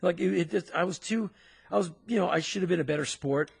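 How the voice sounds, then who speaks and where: A man with a gravelly, husky voice tells a story on a podcast, animated and punchy and fond of sound effects. His voice sits a bit high for a man, with rough fry in it. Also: quick pace. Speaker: podcast co-host. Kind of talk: storytelling in casual chat.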